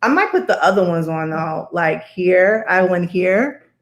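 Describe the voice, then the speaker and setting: A woman's voice: lowish voice, animated, measured pace, dull audio. A woman co-hosting a casual chat with her mother, teasing and playful. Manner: teasing, playful, laughing often. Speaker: co-host, psychiatrist.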